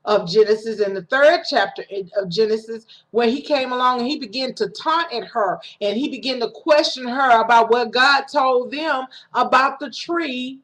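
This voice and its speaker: A woman's voice: fairly high pitch, moderate pace, few pauses, a bit bright. A woman giving a casual, self-recorded sermon, talking conversationally with restarts and acting out quoted lines. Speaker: preacher. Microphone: home recording setup.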